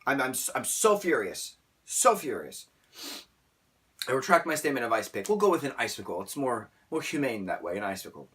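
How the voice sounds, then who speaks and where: A man ranting through a film review in an animated, exasperated and theatrical way, with sarcastic outbursts. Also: mid-range voice, brisk.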